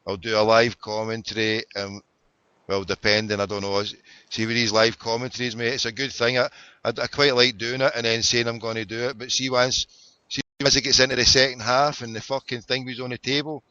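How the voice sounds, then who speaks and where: A man's voice: mid-range voice, little pitch movement, brisk, bright, forceful tone, clean tone, no room sound. A man with a Glaswegian accent hosting a casual chat, swearing and calling people mate. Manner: sweary, says "mate" a lot. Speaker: podcast host. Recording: dull lo-fi sound.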